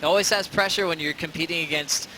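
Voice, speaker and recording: A man's voice: on the high side, quick pace, sharp tone, slight background noise, poor audio. A man hosting a post-show sports broadcast, polished and steering the talk with questions to his analysts. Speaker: host.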